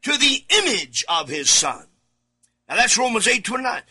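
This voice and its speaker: A man preaching alone in a studio, reading scripture verses aloud, repeating key words and swinging from shouted emphasis to low asides. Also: sing-song, normal speed, husky.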